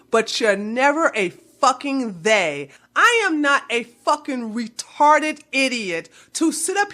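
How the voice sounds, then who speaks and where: A woman's voice: fairly high pitch, fairly bright tone. A woman vlogger delivering a heated, blunt commentary rant full of swearing. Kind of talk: profane ranting commentary.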